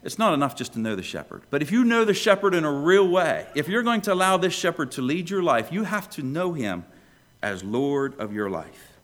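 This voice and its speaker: Animated male preacher, lively swings. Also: brisk. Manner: animated preaching, swings between loud questions and hushed low lines. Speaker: pastor. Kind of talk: sermon.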